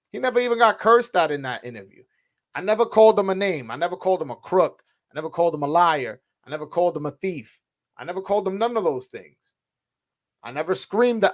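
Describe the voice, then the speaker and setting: A man's voice: high voice, fairly bright tone. A man hosting a livestream as a boxing journalist, ranting heatedly in slangy speech with many restarts. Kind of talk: casual livestream rant.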